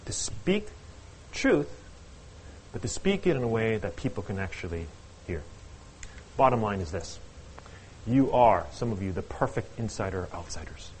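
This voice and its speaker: A middle-aged man preaching a sermon, telling stories with animated, playful asides. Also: medium pitch, slight background noise, rough recording. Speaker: pastor.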